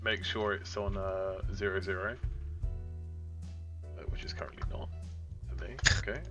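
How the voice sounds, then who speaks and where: A man's voice: sits low, steady tone, normal speed, bright, forceful tone, soft background music. A man co-hosting a modding stream, explaining steps in casual, rambling talk full of fillers while he works. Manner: rambling, filler-heavy, distracted. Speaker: co-host of a train game modding stream. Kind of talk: casual tutorial chat while working.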